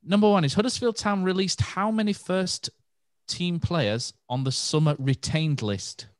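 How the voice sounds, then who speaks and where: A man hosting a quiz on a casual podcast, reading questions briskly and teasing the players. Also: high voice, dry recording, clean studio sound. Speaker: quizmaster, podcast host.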